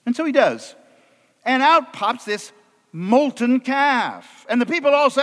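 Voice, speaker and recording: A man preaching a sermon as an animated, humorous storyteller with a conversational delivery. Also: extremely high pitch, measured pace, long reverb tail.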